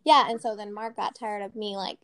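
A woman in her thirties co-hosting a podcast in casual chat, talking quickly and loosely, peppering her talk with "like" and laughing often. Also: mid-range voice, steady tone, fairly bright tone. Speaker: podcast co-host.

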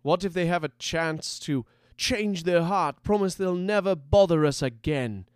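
A sly, menacing rebel mage leader who lingers over each word, as a man puts him on in a story reading. His voice stays smooth and clean, recorded close and dry. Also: mid-range voice, takes it slowly, mellow, no room sound, close to an everyday voice. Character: cruel charismatic male rebel mage leader.

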